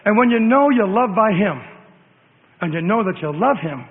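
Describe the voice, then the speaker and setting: A man preaching a sermon, rambling and fervent, swinging between hushed asides and shouts. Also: sits high, animated, normal speed, a little hiss or hum. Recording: echoey hall on a tinny phone-like line.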